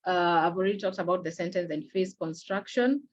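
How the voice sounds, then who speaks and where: Low-voiced woman giving a webinar talk. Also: muffled recording. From Kenya. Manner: measured, explanatory, with frequent fillers and restarts. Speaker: webinar presenter. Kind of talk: online awareness lecture. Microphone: video call.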